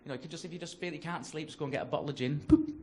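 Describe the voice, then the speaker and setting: A man's voice: fairly high pitch, very fast, vocal fry. A man with a Northern English accent doing a stand-up routine on a comedy club stage, telling sweary, conversational stories into a handheld mic. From North-West England. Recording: noisy live club recording. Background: audience laughter.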